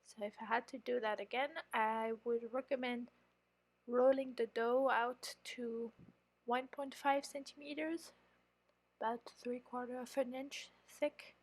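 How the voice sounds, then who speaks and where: A woman's voice: a little high, fairly even intonation, a little slow. A woman with a French accent, chatting through a voice-over of her home baking and explaining her mistakes as she goes. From France. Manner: chatty, explanatory, self-critical. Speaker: home baker and channel host.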